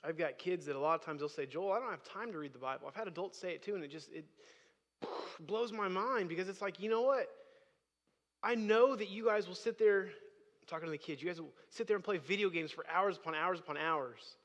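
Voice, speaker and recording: A man's voice: high voice, fairly quick, a bit bright. Man, pastor, sermon, conversational with emphatic peaks, long reverb from a large church hall. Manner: conversational preaching, rising to emphatic bursts. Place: church sanctuary.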